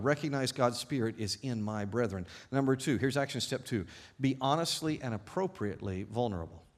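A man preaching a sermon as pastor, emphatic and animated, asking rhetorical questions and reading scripture aloud with slow emphasis. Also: medium pitch.

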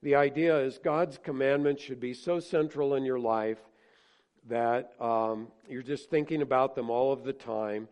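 A male pastor preaching a sermon earnestly, rising to emphatic points and then dropping soft. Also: medium pitch, fairly even intonation, measured pace.

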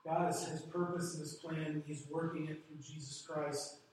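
A man's voice: fairly high pitch, flat delivery, normal speed. A man preaching a sermon in a conversational storytelling manner, chuckling now and then. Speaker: pastor. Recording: echoey room from a distant mic.

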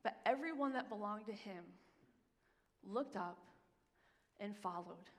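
Lady pastor preaching in a church, emphatic, slows way down reading scripture, big echoey room. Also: medium pitch, expressive. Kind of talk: sermon. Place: church sanctuary. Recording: long reverb of a large hall.

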